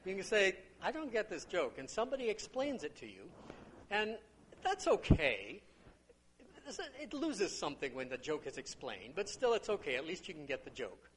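Lively high-voiced older man preaching. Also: moderate pace, slight background noise. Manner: conversational storytelling with acted-out quotes. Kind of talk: sermon teaching on a parable.

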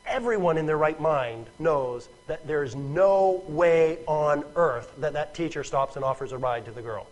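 A man's voice: on the high side, a little slow, low-quality recording. A man preaching a sermon in a conversational, emphatic way, often repeating words and checking with "right?".

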